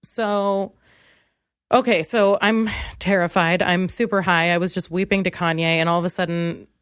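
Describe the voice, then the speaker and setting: A woman's voice: lowish voice, normal speed, clear, resonant tone, no echo, studio quality. A young woman hosting a podcast, telling a comic story and acting out the other voices. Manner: animated, acts out voices in quotes, laughs often. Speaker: podcast host. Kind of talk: comedic storytelling monologue.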